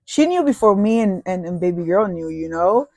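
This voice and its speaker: Brief: casual podcast host, profane and rambling, mid pitch, dry close audio. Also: expressive, moderate pace, mellow, no echo. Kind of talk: casual storytelling.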